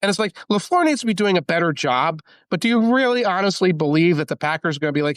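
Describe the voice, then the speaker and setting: A man talking football as a podcast guest, rambling and animated, full of asides. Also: a little high, fast, few pauses, dry recording. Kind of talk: casual sports talk.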